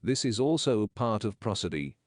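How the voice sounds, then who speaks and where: A man narrating an English lesson in slow, measured, explanatory sentences. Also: on the low side, very animated, no room sound, clean studio sound.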